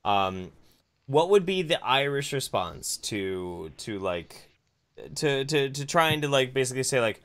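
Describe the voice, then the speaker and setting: A man co-hosting a live-streamed podcast, chatting casually and excitably asking long questions. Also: medium pitch, measured pace. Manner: excitable, asks questions at length. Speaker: podcast co-host.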